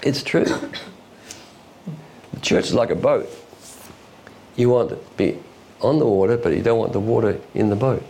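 A low-pitched man with a gravelly, creaky edge to his voice delivers a sermon. He preaches in a folksy way, full of homely illustrations and quick asides, with faint room sound behind him. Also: animated, a little mellow, slight background noise. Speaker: pastor.

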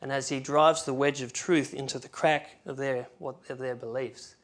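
A man preaching a sermon in a church, reading scripture aloud with emphatic swings from loud to soft. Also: medium pitch, steady tone, moderate pace. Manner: emphatic, rising and falling loudness, reads scripture aloud.

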